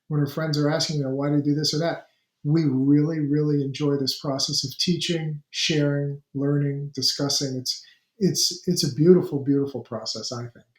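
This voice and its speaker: Middle-aged male author on a podcast panel. Earnest and rambling, slightly high voice, echoey room. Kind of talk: reflective panel podcast talk. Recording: roomy echo.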